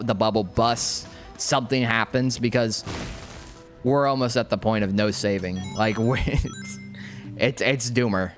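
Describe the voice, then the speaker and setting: A young man casually ranting while playing a video game, slangy and rambling, restarting his sentences often. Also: fairly low pitch. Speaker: gaming YouTuber. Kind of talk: rambling commentary over gameplay.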